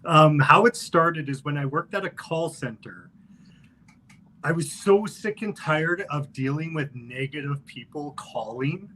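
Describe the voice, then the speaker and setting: A man's voice: on the high side, measured pace, slight background noise, poor audio. A man in casual chat on a live stream, telling call-center stories and slipping into character voices. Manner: animated, slips into character voices. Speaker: guest reviewer on a live stream. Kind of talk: casual chat, storytelling with impressions.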